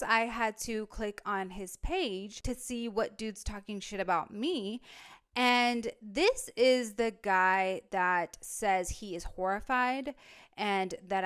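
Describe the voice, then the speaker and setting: A woman's voice: mid-range voice, a bit bright, clear, resonant tone. A young woman giving blunt, sarcastic, profane commentary while reading out comments to her followers. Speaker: commentary creator.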